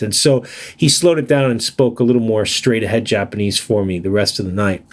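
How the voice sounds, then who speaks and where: A man co-hosting a podcast, telling animated stories in casual chat and laughing as he goes. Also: medium pitch, brisk. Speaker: podcast co-host.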